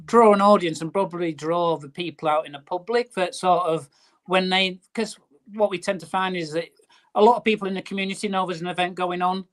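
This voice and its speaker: A man's voice: high-pitched, steady tone, a little fast, a bit bright. A man in his fifties with a Yorkshire accent, chatting on a video call as a paranormal investigator, who often repeats words while thinking. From Yorkshire, England. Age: 50s. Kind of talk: casual video-call chat.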